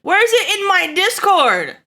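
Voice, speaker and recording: A woman streaming live, chatting to her viewers in an excitable, giggly way. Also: very high voice, normal speed. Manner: excitable, giggly, talks straight to chat.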